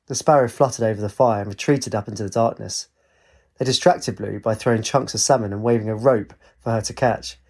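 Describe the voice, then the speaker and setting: A man narrating a storybook in a steady, expressive reading voice. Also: on the low side, fairly quick, creaky.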